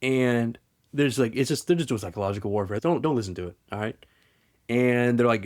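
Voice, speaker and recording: Retelling a story in casual, rambling chat, a male podcast host stumbles over restarts and filler words. He speaks quickly at a middle pitch and stays animated the whole way through.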